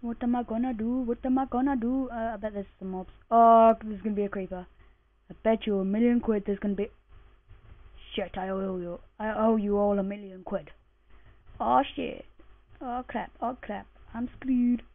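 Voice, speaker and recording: A woman narrates her gaming session in a loose, chatty way, muttering and cursing under her breath. She sounds groggy and just woken up, and her slightly high voice comes through a thin, phone-like microphone. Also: steady tone, normal speed. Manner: chatty, mutters and swears to herself while playing. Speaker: gamer commentating her play. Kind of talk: casual let's-play commentary. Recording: tinny lo-fi mic.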